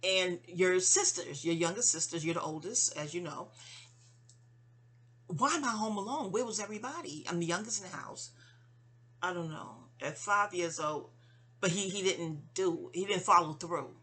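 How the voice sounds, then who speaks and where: Middle-aged new lady rambling on to her mom, husky but bright voice, lots of restarts. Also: on the low side, normal speed. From New York. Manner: rambling, digressive, candid, stumbling restarts. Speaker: vlogger. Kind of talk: personal monologue addressed to her mother.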